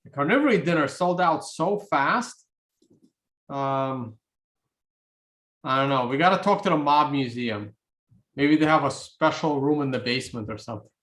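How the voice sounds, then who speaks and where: A man's voice: medium pitch, normal speed, pauses often, fairly bright tone. Wry man from Russia chatting live. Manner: wry, offhand, thinks aloud with restarts. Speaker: livestream host. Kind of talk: casual livestream chat answering viewers.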